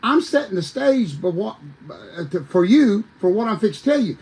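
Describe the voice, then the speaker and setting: A man's voice: high-pitched, animated, brisk, a little mellow, low-quality recording. Folksy older man telling stories. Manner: folksy, emphatic, addresses listeners as folks. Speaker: guest storyteller, former wrestler. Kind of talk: animated storytelling on a podcast.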